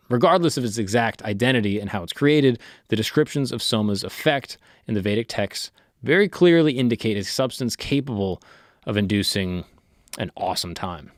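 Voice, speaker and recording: Guy hosting a history podcast, kinda low voice, cracks jokes between the facts. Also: no echo, studio quality. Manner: irreverent, joking asides between reading. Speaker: podcast host.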